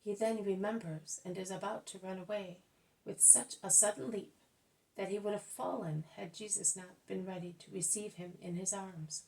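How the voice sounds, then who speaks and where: Brief: female audiobook narrator, gravelly, slightly off-mic, calm scripted reading of a sacred story. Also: medium pitch, normal speed, distant mic, poor audio. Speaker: audiobook reader. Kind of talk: scripted narration of religious text.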